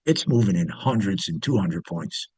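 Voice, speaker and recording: A man's voice: deep voice, animated, moderate pace, darkish tone, slightly rough, no echo. A man, an interview guest, telling stories casually, rambling with many fillers and restarts. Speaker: interview guest, former pit trader. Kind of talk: casual storytelling.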